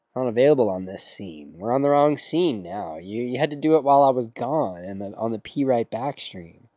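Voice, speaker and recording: A man's voice: mid-range voice, expressive, fairly quick, dark tone, no room sound, highs cut off. Male music streamer, casual and sarcastic, mid-range voice, dry recording. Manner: sarcastic, laid-back, slangy. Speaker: music streamer taking song requests. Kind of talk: casual livestream chat.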